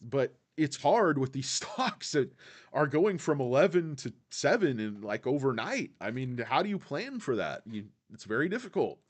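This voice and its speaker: His mid-range voice turns sing-song at a moderate pace as he hosts a laid-back livestream, answering chat in a rambling way. He keeps saying "guys" and imitates film lines in put-on voices.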